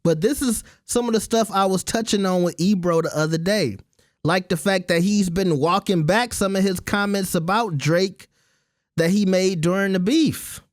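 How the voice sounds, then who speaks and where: A man with a fairly high voice delivers blunt, opinionated commentary on his own channel. The sound is close and dead dry, with no room around it. He talks casually, like he's ranting to friends. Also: normal speed, no echo.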